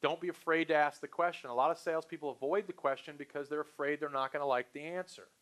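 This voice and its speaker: A man's voice: fairly high pitch, fast talker. A man leading a sales training session, talking casually to trainees and acting out short phone exchanges. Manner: animated, acts out customer and salesperson lines. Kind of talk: live sales training talk.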